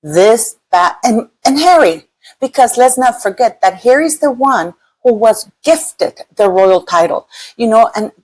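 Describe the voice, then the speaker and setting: Lady chatting royal gossip to her camera, lively and a bit mocking. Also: a little high, unhurried, poor audio. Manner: animated, mocking quoted voices. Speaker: YouTube commentator. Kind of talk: casual gossip commentary to camera.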